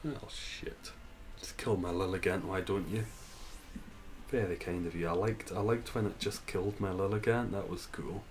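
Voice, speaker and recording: Guy on a game stream, lowish voice, chatty, laughs a lot, talks back to chat. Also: steady tone, normal speed, slight background noise, low-quality recording. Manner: chatty, reads and answers chat, laughs often. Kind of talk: casual live-stream chat.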